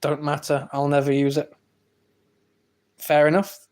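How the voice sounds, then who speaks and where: An English man hosting a livestream, chatting casually and answering viewer comments in a bantering way, with sudden loud exclamations. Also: a little high, completely flat delivery, a little slow. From England. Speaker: livestream host.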